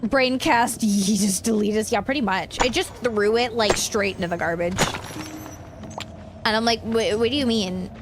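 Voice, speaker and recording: A woman's voice: mid-range voice, normal speed, noisy background. A young woman streaming a game in casual, rambling chat, tired and swearing now and then. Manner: rambling, frustrated, drops swear words. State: tired, yawning.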